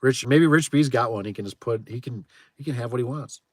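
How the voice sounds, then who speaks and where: On a very noisy recording, a man with a medium-pitched voice talks a little fast. He runs a garage door repair business and is chatting loosely with livestream viewers, laughing a lot and exclaiming often.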